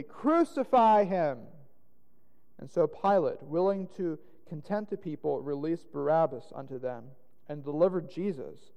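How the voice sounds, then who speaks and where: Man, dramatic scripture reading, mellow tone, long hall reverb. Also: a little high, muffled recording. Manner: dramatic, rising to loud exclaims on quoted lines.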